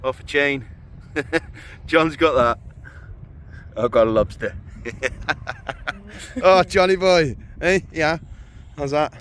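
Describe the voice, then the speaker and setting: A man's voice: on the high side, slow, long pauses, recorded from a distance. A man vlogging while fishing outdoors at night, joking, laughing often and talking to the camera. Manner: jokey, laughing often, excitable. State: cold. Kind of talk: casual outdoor chat to camera.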